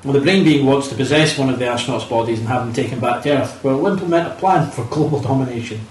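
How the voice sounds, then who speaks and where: A man's voice: medium pitch, fast, recorded from a distance. A man co-hosting a podcast, recapping a film with wry, sarcastic humor. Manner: wry, dryly sarcastic, swears casually. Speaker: podcast co-host. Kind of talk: casual chat recapping a film. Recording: echoey room, set back from the mic.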